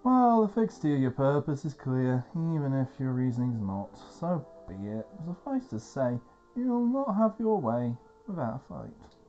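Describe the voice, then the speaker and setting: A man voicing an earnest male guildmaster, reading his formal lines with measured gravity. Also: medium pitch, very animated, dark tone, lo-fi sound, faint music behind, pitched above the performer's own voice. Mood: grave.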